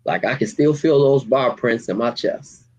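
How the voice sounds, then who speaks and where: A man, a community activist, speaking with deep emotion and street slang in an interview, near tears. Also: normal speed, darkish tone, lo-fi sound. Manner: heartfelt, storytelling, street slang. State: holding back tears.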